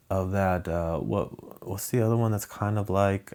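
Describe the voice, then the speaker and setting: A man's voice: low voice, fairly even intonation, moderate pace, few pauses, darkish tone. A man from Southern California hosting a solo podcast, rambling and hesitant, with many ums and restarts. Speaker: podcast host. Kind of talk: casual solo podcast chat.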